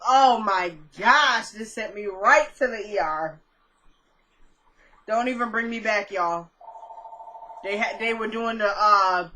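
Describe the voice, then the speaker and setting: A woman casually recapping a TV episode, chatty and animated, acting out characters' lines as she retells the scenes. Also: mid-range voice, rough recording. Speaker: TV recap vlogger.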